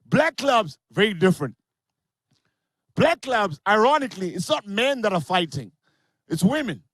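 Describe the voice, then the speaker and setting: A brash stand-up comedian with a high-pitched man's voice, crude and animated as he spins his jokes. The sound is dry and close, with no room around it. He jumps between big shouted punchlines and quick asides. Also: dry recording. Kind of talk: online stand-up set.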